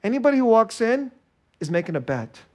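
A male pastor preaching a sermon in an animated way, acting out little scenes and laughing often. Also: very high-pitched, a little fast. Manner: animated, acts out scared and joyful voices, laughs often.

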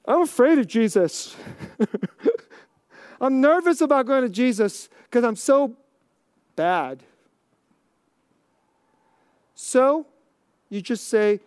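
A man preaching a conversational sermon, chuckling often and dropping to a near hush on key lines. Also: extremely high pitch, sing-song, measured pace, long pauses, clear, resonant tone, no echo, clean studio sound. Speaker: pastor.

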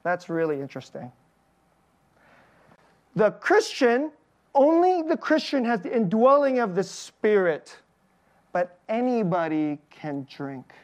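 A pastor preaches in a relaxed, talk-to-you way at a church service, often breaking into a little chuckle between points. The delivery stays informal and animated, with questions thrown straight at the congregation. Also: mid-range voice, slow, pauses often. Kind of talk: conversational sermon.

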